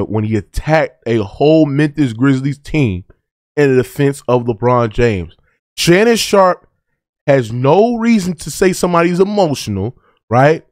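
A man's voice: medium pitch, a little mellow, no room sound, studio quality. A man hosting a sports debate reaction show, preaching heatedly and asking "right?" over and over. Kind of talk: reaction commentary.

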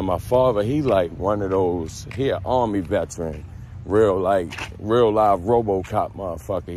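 A man's voice: fairly low pitch, a little hiss or hum. A man with a Baltimore accent telling a profane, slangy story outdoors while walking. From Baltimore, USA. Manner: loose, profane street slang, animated retelling. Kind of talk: casual storytime vlog. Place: outdoors on a walk.

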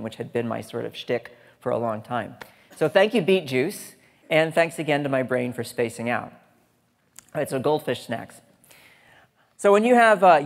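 A man giving a humorous conference talk, chatty and joking, with asides to the audience. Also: medium pitch. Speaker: conference speaker. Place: large lecture hall stage. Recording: hall reverb on a stage talk.

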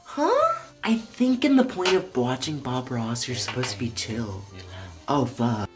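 A young man vlogging while high, excitable and rambling as he paints along and talks to the camera. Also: measured pace, music in the background. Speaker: YouTuber. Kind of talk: casual vlog commentary.

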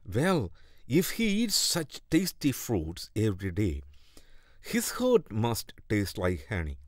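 A man's voice: lowish voice, huge pitch swings, slow pace, dry recording, clean studio sound, exaggerated voice. A man voicing a scheming female crocodile who coaxes and pleads with her husband in a storybook reading. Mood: pleading, coaxing. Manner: coaxing, pleading.

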